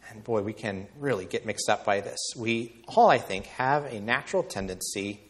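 A man preaching an evening sermon, rising high and loud on key points and slowing words down for weight. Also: expressive.

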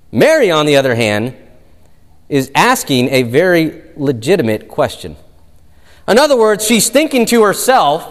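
A man preaching a sermon as a pastor, emphatic and given to drawn-out storytelling. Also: on the high side, long reverb tail.

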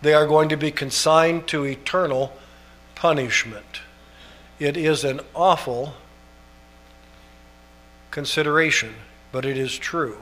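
A pastor preaching a sermon in an earnest way, building up to emphatic, almost shouted passages. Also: male voice, fairly high pitch, takes it slowly, long pauses.

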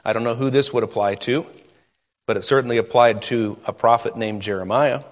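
A man preaching a sermon in an earnest way, slowing down and dropping to a near hush on key words. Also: mid-range voice, steady tone, in a large hall. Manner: earnest, with dramatic pauses and drops to a hush.

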